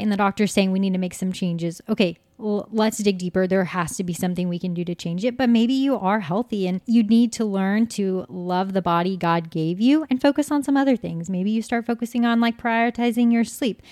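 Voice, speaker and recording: A woman's voice: mid-range voice, a little fast, hardly any pauses, darkish tone, no room sound. A woman dietitian speaking as a podcast guest, earnest and emphatic as she explains. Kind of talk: casual interview chat.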